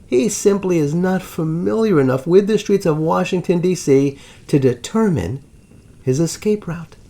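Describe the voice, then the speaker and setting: A man narrating a dramatic history story as the host of his channel, with big swings in pitch and loudness. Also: lively intonation, moderate pace, creaky.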